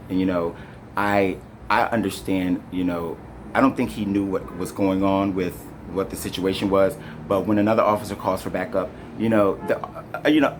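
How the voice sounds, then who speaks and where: A man with a somewhat low voice tells his own story straight to camera. He rambles and restarts, stacking up fillers as he goes. A faint ambient hum sits behind him. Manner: animated, addresses viewers directly. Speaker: storyteller recounting an arrest. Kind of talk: emotional first-person storytime to camera.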